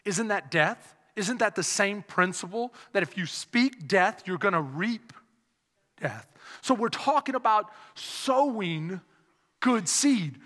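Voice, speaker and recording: A male pastor preaching a sermon with animated delivery, repeated refrains and call-and-response. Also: sits high, slow. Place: church sanctuary. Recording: long hall reverb.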